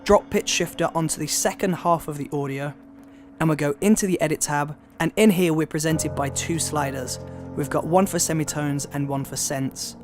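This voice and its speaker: A man's voice: a little high, fairly even intonation, normal speed. A man hosting a casual video-editing tutorial, upbeat and explaining step by step. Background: background music.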